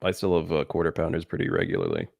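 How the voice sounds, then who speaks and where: A man co-hosting a podcast in casual chat, reading ingredient labels aloud with halting fillers. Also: a bass voice, big pitch swings, gravelly, darkish tone, no room sound. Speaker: podcast co-host.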